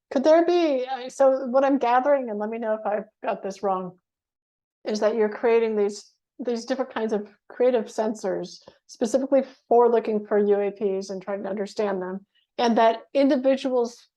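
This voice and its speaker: A woman's voice: on the high side, steady tone, moderate pace, dark tone, rough recording. A woman interviewing a guest, probing with questions and paraphrasing his points back to him. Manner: probing, paraphrases back what she hears. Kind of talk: conversational interview.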